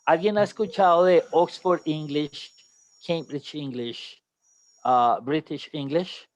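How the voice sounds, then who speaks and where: A man's voice: fairly high pitch, a little slow, dry recording. A man moderating an online English class, hesitant and searching for words as he asks questions.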